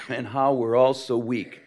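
A man giving a sermon-style lecture to a seminary class, hoarse and coughing often, speaking haltingly with many pauses and restarts. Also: medium pitch, level tone. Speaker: preacher teaching a seminary class.

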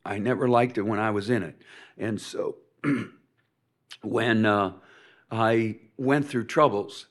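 A man giving a sermon-style lecture to a seminary class, hoarse and coughing often, speaking haltingly with many pauses and restarts. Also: fairly low pitch, steady tone. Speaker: preacher teaching a seminary class.

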